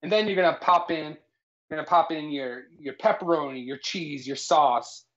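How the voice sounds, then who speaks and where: On a jokey live cooking stream, a co-host holds forth in a mock-serious, mock-authoritative way, tagging his lines with "all right?". His voice is a little high and fairly bright, at normal speed. The stream audio is lo-fi and slightly dull.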